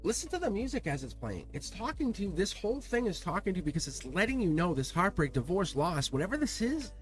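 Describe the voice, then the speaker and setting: Hyped up tarot guy talking to his viewers, kinda high voice bouncing all over, laughing, repeating stuff, bit teary, quiet music behind. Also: quick pace. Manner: excitable, emphatic, laughs often, repeats himself. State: emotional, near tears. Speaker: tarot reader. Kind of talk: emotional tarot reading to camera. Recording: soft music playing behind.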